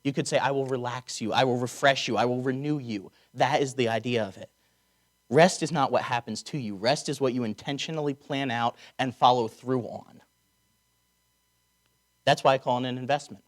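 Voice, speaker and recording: A man preaching a conversational sermon, slowing down to stress key words and dropping wry asides. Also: medium pitch. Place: chapel or auditorium.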